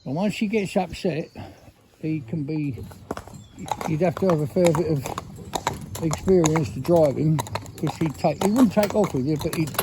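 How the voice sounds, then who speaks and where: A man, a horse trainer, talks casually while working a horse out on a road, and he slips into soft, coaxing endearments for the animal. His voice sits a little high for a man. Loud outdoor noise and hoofbeats run behind him. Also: normal speed.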